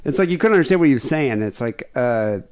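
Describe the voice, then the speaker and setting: Lively, animated podcast host. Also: male voice, mid-range voice, fast talker, background noise. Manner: laughing, lively storytelling. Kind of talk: casual chat.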